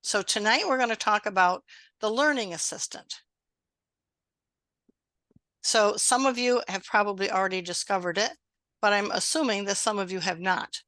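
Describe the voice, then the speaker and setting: A woman's voice: medium pitch, moderate pace, pauses often, no room sound. A middle-aged woman hosting an online exam-prep webinar, chatty and encouraging, talking over a video call. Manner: warm, encouraging, conversational.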